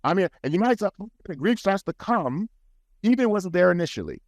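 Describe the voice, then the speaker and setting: A man's voice: high-pitched, sing-song, a little fast, no room sound. A man guest on a podcast, talking in an earnest, advising way with frequent restarts, recorded in a studio. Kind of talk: casual podcast talk.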